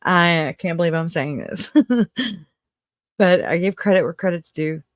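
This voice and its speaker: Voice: medium pitch, slow pace, no echo, clean studio sound. A livestream host chatting casually and reading out viewer comments, rambling and emotional, often breaking into laughter.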